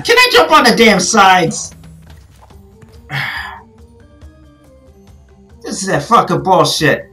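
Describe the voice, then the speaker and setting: A young woman playing a video game and commenting, cursing and yelling at the screen in frustration. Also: mid-range voice, sing-song, slow, pauses often, faint music behind. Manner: frustrated, swears a lot, yells at the game. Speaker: gaming channel host. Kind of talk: let's play commentary.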